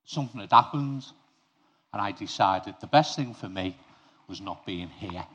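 A man's voice: on the low side, animated, normal speed, a bit bright, slightly rough. A man preaching an informal sermon to his congregation. He talks conversationally, speaks to them directly and tells personal stories.

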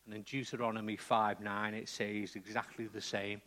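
A man's voice: on the low side, level tone, normal speed, a bit bright. A man preaching a sermon in a conversational way, often checking in with the congregation.

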